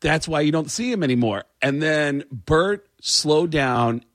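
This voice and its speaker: A man's voice: on the high side, a little slow, no echo. A male comedian telling stories in casual radio chat, acting out other people's voices as he goes. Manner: animated storyteller, acts out voices. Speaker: comedian guest.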